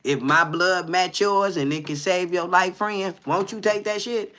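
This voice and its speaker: Man, livestream commentary, talkative, slightly high voice, bright tone. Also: fairly even intonation, normal speed, hardly any pauses. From Detroit. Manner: talkative, keeps asking "you hear me?". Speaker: content creator.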